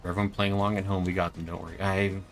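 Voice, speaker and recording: A man's voice: low-pitched, little pitch movement, rapid-fire, creaky, faint music behind. A man chatting casually while gaming online with friends, full of teasing dry jokes. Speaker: streamer playing online.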